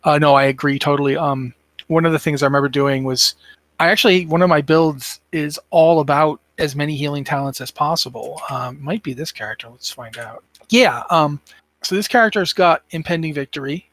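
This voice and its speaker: A man's voice: on the high side, a little fast, fairly bright tone, no room sound. A tired man co-hosting a casual gaming podcast, rambling and thinking aloud with plenty of fillers. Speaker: podcast co-host.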